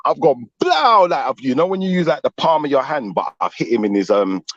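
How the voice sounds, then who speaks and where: A middle-aged man, telling a story in animated street slang on a casual stream panel. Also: medium pitch, fast talker, no room sound, lo-fi sound. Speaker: panel guest.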